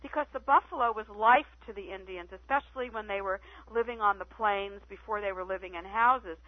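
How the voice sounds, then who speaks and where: A woman guest telling stories on a phone-in radio interview, chatty and animated. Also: medium pitch, brisk, no room sound. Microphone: telephone. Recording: tinny phone line, dry.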